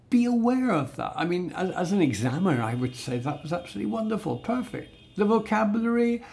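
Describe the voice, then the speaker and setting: A man's voice: on the high side, creaky, warm tone. A man teaching a spoken English exam lesson, explaining in a chatty way with many restarts and fillers. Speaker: English speaking-test teacher.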